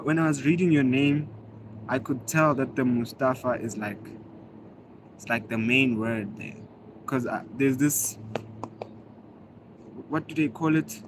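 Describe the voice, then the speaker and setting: Over a noisy background, this livestreaming vlogger from South Africa, a native Zulu speaker, talks in a relaxed, slang-heavy manner while going through comments and thanking viewers individually by name. His voice is medium in pitch.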